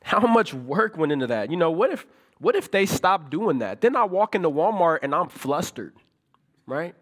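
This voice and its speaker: A male pastor preaches in a relaxed, conversational way with a fairly high voice. He leans on rhetorical questions and builds his points to emphatic peaks. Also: normal speed. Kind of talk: sermon.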